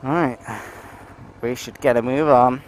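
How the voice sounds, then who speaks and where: A man's voice: medium pitch, fairly even intonation, slow pace, a little hiss or hum, rough recording. A man vlogging from his motorcycle, rambling and swearing as he rides through town. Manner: rambling, sweary, talks to himself and his bike. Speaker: motovlogger. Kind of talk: casual motovlog chat while riding.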